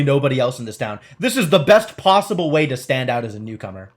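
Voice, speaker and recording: A man's voice: medium pitch, fast, hardly any pauses. A man streaming a game live, chatting to viewers, scolding the game and reading its story text aloud. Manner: chatty, talks back to the game and chat, animated.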